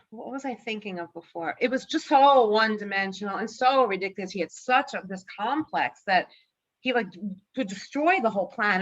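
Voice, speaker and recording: Frank New York woman, bright voice. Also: mid-range voice, dull audio. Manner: frank, opinionated. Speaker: podcast panelist. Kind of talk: casual chat.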